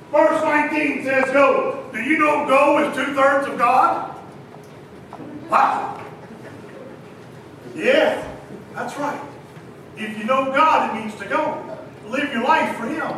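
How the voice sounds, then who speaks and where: High-voiced preacher in an echoey hall. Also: male voice, slow pace, long pauses, far from the mic, slight background noise. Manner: dramatic, swings from shouting to hushed. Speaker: pastor. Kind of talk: sermon.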